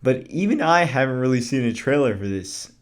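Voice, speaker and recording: A man's voice: mid-range voice, animated, a little fast. A man talking through a casual movie review in a chatty, rambling way, with fillers and self-corrections.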